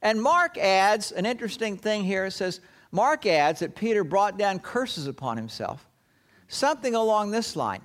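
A man preaching a sermon, telling the story dramatically and often dropping to a hushed, low tone. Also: sing-song, normal speed. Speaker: pastor.

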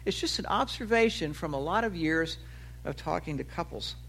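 A man in his sixties delivers a sermon in a high, ringing voice. He talks with animation, lifting his pitch for quoted lines and letting his phrases trail off low and quiet. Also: normal speed, creaky, breathy edge. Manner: animated preaching, voice rising for acted quotes and dropping low at phrase ends. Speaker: pastor.

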